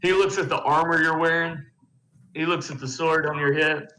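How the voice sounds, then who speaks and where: Bright-voiced man running a tabletop game. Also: a little high, normal speed, poor audio. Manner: relaxed, hesitant narration with fillers. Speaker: game master.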